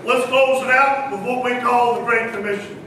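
A man preaching a sermon, dramatic and swinging between loud calls and hushed asides. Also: very high voice, steady tone, normal speed, heavy background noise. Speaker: pastor. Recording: echoey hall from far off.

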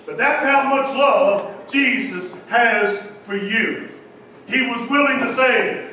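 A man delivers a dramatic sermon in a very high, bright voice, rising to shouts and dropping to hushed quotes. He is heard from a distance in a strongly echoing church hall. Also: slow pace, slight background noise. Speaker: preacher. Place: church sanctuary.

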